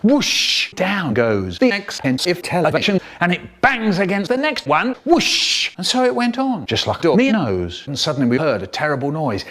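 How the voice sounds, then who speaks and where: Lively man telling a comic story. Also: sits high, normal speed. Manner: animated, exaggerated storyteller voice leaping up and down. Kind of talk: comic storytelling, spliced into a remix.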